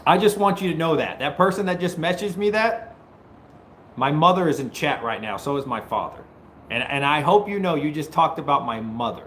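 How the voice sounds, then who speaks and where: A man hosting a casual live stream, greeting viewers and joking, at times breaking into loud mock-taunting. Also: on the high side, animated, a little fast, slight background noise. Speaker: livestream host. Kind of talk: casual livestream chat with viewers.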